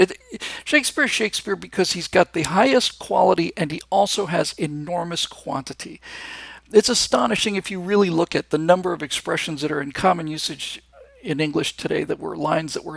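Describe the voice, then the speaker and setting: A man's voice: high voice, vocal fry, breathy edge, no room sound. A man hosting a live show, talking in a casual, enthusiastic and rambling monologue, with frequent restarts. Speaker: host.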